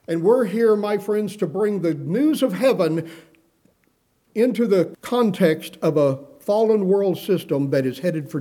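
A man preaching a sermon, with sudden lifts in pitch and dry humor. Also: mellow. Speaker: pastor.

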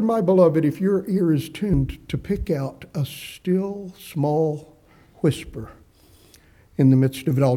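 An earnest male preacher with a fairly high, mellow voice. He puts rhetorical questions to his congregation. He eases into a soft hush on tender words and lifts his voice to press a point. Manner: drops softly for gentle phrases, rises for emphasis. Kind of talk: sermon.

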